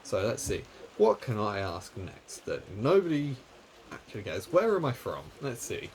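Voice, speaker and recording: Man, lowish voice, rambling solo vlog chat, self-mocking. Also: very animated, moderate pace, slight background noise. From England. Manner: rambling, self-deprecating, laughs at himself. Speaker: YouTuber.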